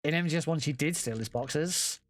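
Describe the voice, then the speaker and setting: A man's voice: fairly high pitch, fairly quick, no room sound. A man giving casual, chatty commentary while playing a game, often correcting himself and swearing offhand. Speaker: speedrunner.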